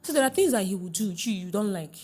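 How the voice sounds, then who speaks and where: A middle-aged Nigerian woman, a relationship coach being interviewed on a podcast, talking in a lively way, often laughing and asking whether the listener understands. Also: mid-range voice, fast.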